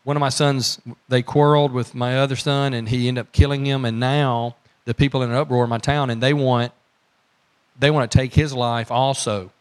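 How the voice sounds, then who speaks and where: A man's voice: mid-range voice, flat delivery, normal speed, clean tone, natural voice. A man voicing a worried widowed mother who pleads for help, in his own plain voice. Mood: pleading. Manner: earnest, plain retelling in everyday words.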